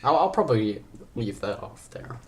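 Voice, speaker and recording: In a laid-back podcast chat, a young host rambles and jokes with a medium-pitched, sing-song voice at normal speed, frequently breaking off mid-sentence. A little hiss or hum can be heard.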